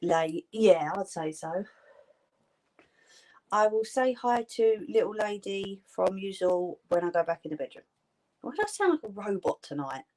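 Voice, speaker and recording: A woman's voice: mid-range voice, animated, measured pace, a little mellow. A woman hosting a craft live stream, chatting casually and answering her viewers' comments.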